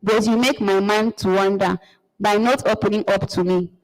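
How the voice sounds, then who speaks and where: A woman's voice: mid-range voice, steady tone, normal speed, lightly acted. A woman reading a play aloud, voicing a young man who pleads insistently with his father. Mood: pleading. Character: young man demanding to know his mother. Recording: long hall reverb.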